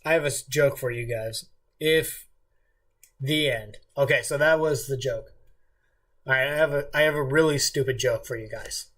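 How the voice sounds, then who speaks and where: A man's voice: mid-range voice, moderate pace, fairly bright tone. A man hosting a casual live stream, mixing play-by-play with chatty jokes and stories.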